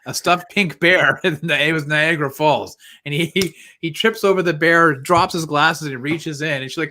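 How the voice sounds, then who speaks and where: Man, co-host, casual podcast chat, bright tense voice, animated storyteller. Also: on the high side, brisk. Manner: animated retelling, acts out movie lines with laughs.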